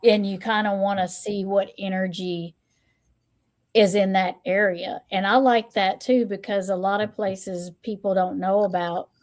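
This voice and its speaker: A woman hosting a casual livestream chat, who repeats her phrases, greets viewers and reads out their comments. She is still a little hoarse. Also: mid-range voice, fairly even intonation, unhurried, a little mellow. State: recovering from hoarseness. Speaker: stream host and tarot reader.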